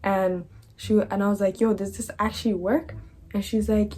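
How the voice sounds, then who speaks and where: A young woman telling a casual storytime, animated and slangy, often trailing off into unfinished sentences. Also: mid-range voice, moderate pace. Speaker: vlogger.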